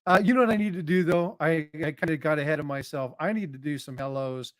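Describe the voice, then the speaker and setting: A man's voice: a little high, fast talker. A man hosting a casual livestream chat, greeting viewers by name in a folksy, joking way. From North Carolina. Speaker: livestream host.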